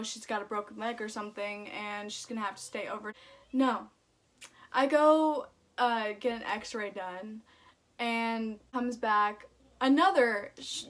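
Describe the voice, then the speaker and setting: A woman's voice: fairly high pitch, fairly bright tone. A woman vlogger telling a story in a casual, chatty way, swearing often and saying "like" a lot.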